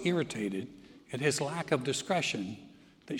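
A man's voice: mid-range voice, expressive, measured pace, a bit bright, a little hiss or hum. A middle-aged male pastor preaching a sermon in a church sanctuary, telling funny stories and acting out other people's voices. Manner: storytelling with jokes and acted-out voices. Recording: long hall reverb.

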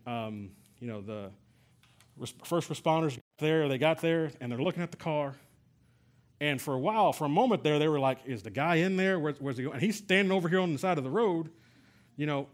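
Middle-aged man preaching in a storytelling way. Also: a little high. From San Antonio, Texas. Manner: conversational storytelling with frequent fillers and restarts. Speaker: pastor. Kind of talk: sermon.

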